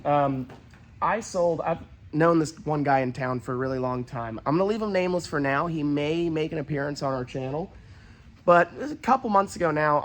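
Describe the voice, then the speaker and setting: A man's voice: on the high side, fairly bright tone, low-quality recording. A young man, a used car dealer, chatting bluntly in a casual vlog as he walks around cars at an auction lot. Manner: blunt, swearing, salesman banter.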